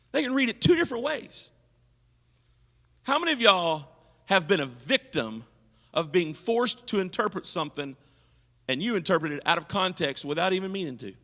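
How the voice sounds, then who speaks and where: A man's voice: high voice, sing-song, normal speed, pauses often, pushed and bright, big-room sound. A man leading a leadership seminar at a church, teaching and asking his audience questions. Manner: engaging, asks the audience questions. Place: church hall.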